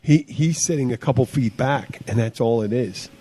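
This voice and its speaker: A man co-hosting a relaxed podcast chat. He wanders through his thoughts and trails off mid-sentence. He drops casual swear words along the way. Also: medium pitch, moderate pace, husky. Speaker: podcast co-host, bartender.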